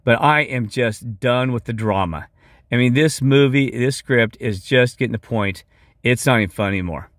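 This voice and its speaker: A man's voice: medium pitch, moderate pace, fairly bright tone, dry recording, studio quality. A man talking through a rambling, impassioned video monologue, tired and going off track, then walking through a shared screen. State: weary. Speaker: video creator.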